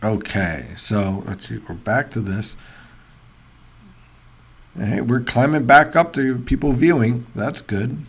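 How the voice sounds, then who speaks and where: A man hosting live weather coverage, chatty and excitable, thinking out loud as reports come in. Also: medium pitch, slow pace, long pauses, husky. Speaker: weather livestream host. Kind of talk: casual live weather commentary.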